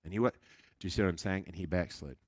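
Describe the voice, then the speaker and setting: A man with a deep, low voice preaches a Sunday school lesson as a lively story, tumbling through restarts and asides. He sounds like a traveling evangelist. The recording is close and dry. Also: very fast, dry recording. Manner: chatty, animated storytelling with frequent restarts.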